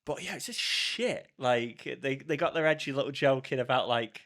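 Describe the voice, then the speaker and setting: A man's voice: medium pitch, normal speed, fairly bright tone. Blunt young Englishman ranting. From England. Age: young adult. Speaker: podcast co-host. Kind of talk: casual chat.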